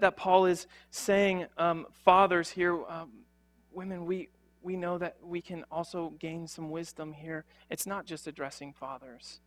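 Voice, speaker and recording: A man's voice: high-pitched, fairly bright tone. A young man preaching a sermon as a pastor, earnest and conversational, with frequent fillers and restarts.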